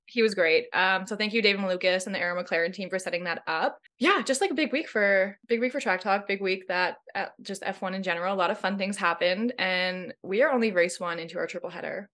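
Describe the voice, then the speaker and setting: A Canadian woman hosting a podcast, rambling in a lively way through thanks and sign-offs. Her voice sits at a middling pitch. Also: fast, hardly any pauses. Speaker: podcast co-host. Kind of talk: casual podcast chat.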